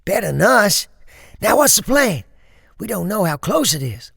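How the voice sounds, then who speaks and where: A woman's voice: mid-range voice, big pitch swings, normal speed, gravelly, slightly rough, no room sound, clean studio sound, pitched above the performer's own voice, heavily acted. A woman voicing a wary, thoughtful young boy who questions things cautiously. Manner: cautious, reasoning. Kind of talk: horror story reading.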